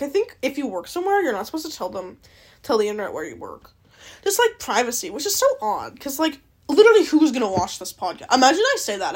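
A woman's voice: fairly high pitch, slightly rough. A young woman hosting a podcast alone, chatting in a rambling, self-interrupting way and swearing freely. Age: young adult. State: dry-mouthed and out of breath. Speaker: podcast host. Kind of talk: casual solo chat.

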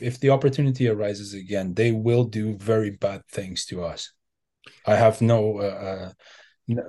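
A man talking in a casual interview, halting and earnest, with frequent restarts and fillers. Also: fairly low pitch, dark tone. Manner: hesitant, many restarts and fillers. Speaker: interview guest.

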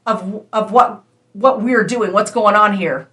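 Bright earnest woman preaching a prophetic word. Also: on the high side, slow pace. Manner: earnest, conversational, addresses listeners as "you guys". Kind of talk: sermon sharing a prophetic word.

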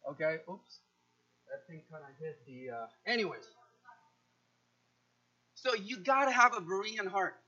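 A man preaching a sermon, animated, often repeating words and acting out quoted speech with sudden loud jumps. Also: high voice, lo-fi sound. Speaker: pastor.

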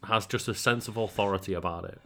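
A man's voice: lowish voice, fast, vocal fry, pushed and bright. A man co-hosting a podcast, chatting casually, reacting with incredulous questions and laughing along. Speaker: podcast co-host. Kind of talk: casual chat.

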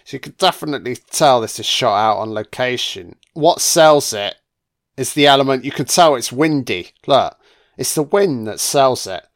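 A man's voice: medium pitch, lively intonation, moderate pace. A man doing a casual, crude film commentary, swearing freely and mocking the characters.

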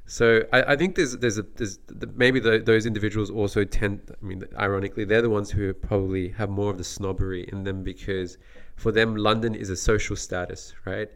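A man's voice: fairly low pitch, fairly even intonation, fairly quick, few pauses. A young Australian man from Western Sydney, co-hosting a casual podcast chat, blunt and opinionated. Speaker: podcast co-host.

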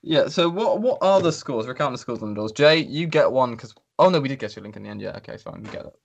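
A man's voice: mid-range voice, expressive, fast, gravelly, a little hiss or hum. A man co-hosting a podcast, chatting casually in a sweary, self-mocking, rambling way. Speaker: podcast co-host. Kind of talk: casual chat.

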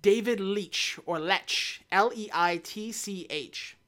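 A woman's voice: mid-range voice, unhurried, fairly bright tone. A woman co-hosting a casual movie review chat, talking with lots of fillers and self-deprecating restarts. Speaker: podcast co-host reviewing movies.

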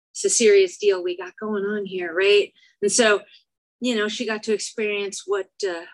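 A middle-aged woman from Chicago giving a candid, self-deprecating recovery share at a meeting, often checking in with "right?". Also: mid-range voice. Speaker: AA meeting speaker. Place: church meeting room before an audience.

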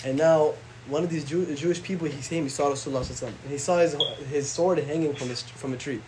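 Male imam, casual classroom lecture, high and fast, slangy, quick recitations. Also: fairly even intonation, noisy background. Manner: conversational, slangy, recites Arabic verses rapidly.

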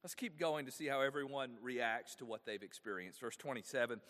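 A man's voice: mid-range voice, animated, a little fast, few pauses, pushed and bright. A man preaching a sermon as pastor, with rhetorical questions to the congregation. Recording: long echo of a large hall.

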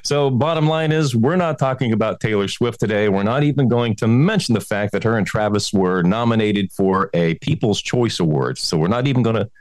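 A man's voice: on the low side, fairly quick, hardly any pauses. A man co-hosting a comedy podcast, chatting casually and laughing often. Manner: jokey, laughs often, animated. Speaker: podcast co-host.

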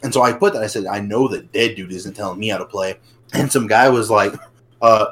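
A man's voice: on the low side, fairly quick, a bit bright, rough recording. A man co-hosting a casual podcast, talking in a laid-back way, swearing freely and laughing often. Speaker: podcast co-host. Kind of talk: casual chat.

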